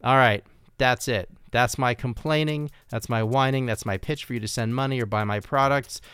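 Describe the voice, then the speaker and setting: A man's voice: medium pitch, normal speed, a bit bright, clean tone, no echo. A man hosting his own podcast, talking in a casual, self-mocking, rambling way. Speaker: podcast host. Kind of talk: casual podcast monologue and chat.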